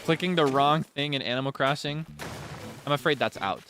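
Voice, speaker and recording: A man streaming a life-sim game, chatting playfully and dramatically, swinging between deadpan asides and giggling. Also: a little high, a little fast. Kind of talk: casual game stream chat. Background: game music.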